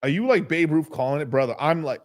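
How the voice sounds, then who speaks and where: A man's voice: on the high side, animated, quick pace. A man hosting a casual live stream, hyped and joking, with plenty of swearing. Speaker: livestream host.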